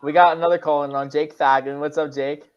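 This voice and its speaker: A young man hosting a casual call-in sports talk show, halting and repeating himself often. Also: on the high side, steady tone, highs cut off, very noisy. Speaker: host.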